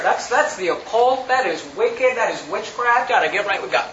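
A man's voice: sits high, lively intonation, brisk, few pauses, fairly bright tone, slight background noise. A pastor preaching a sermon emphatically, mocking his listeners with put-on quotes. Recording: roomy, slightly dull recording.

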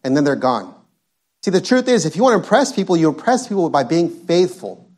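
A man's voice: fairly high pitch, sing-song, a little fast, a little mellow. A male preacher delivering an emphatic sermon, reading scripture and driving points home by repeating them. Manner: emphatic, repetitive, quotes scripture.

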